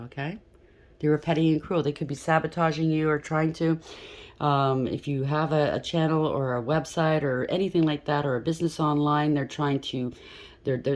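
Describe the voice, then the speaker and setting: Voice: mid-range voice, a little mellow. A tarot reader giving a reading in an emphatic, blunt way, often checking in with the listener and restarting sentences on the fly. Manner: loose and spontaneous, with frequent restarts.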